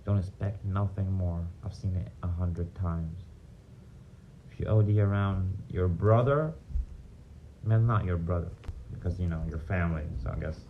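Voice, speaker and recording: A man with a lowish voice tells his stories in a blunt, profane and rambling way, full of asides. The recording is a little dull, with a faint hiss underneath. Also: normal speed. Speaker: vlogger sharing recovery stories. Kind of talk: casual storytelling monologue.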